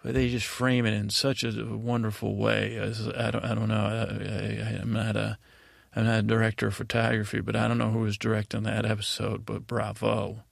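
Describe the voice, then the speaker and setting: Low gravelly man rambling sleepily. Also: monotone, no echo, clean studio sound. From United States. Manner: meandering, halting, many restarts and fillers; paraphrases scenes in casual voices. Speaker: podcast host.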